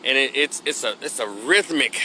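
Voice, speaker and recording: A commentary vlogger from Memphis, Tennessee, gives a casual opinion monologue in loose, rhythmic street talk with a Memphis Southern accent. His medium-pitched voice is expressive and sharp at a moderate pace, with slight background noise.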